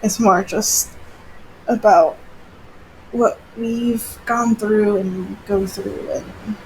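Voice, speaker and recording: A woman's voice: medium pitch, steady tone, drawn-out words, a little hiss or hum, rough recording. A woman co-hosting a podcast in casual chat, blunt and plain-spoken. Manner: blunt, casual, some swearing. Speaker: podcast co-host.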